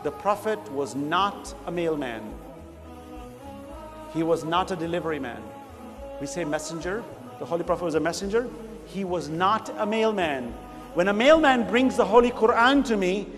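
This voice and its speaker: A man giving an animated sermon to a congregation, rising to emphatic shouts. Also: sits high, a little fast, in a large hall, music in the background. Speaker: preacher.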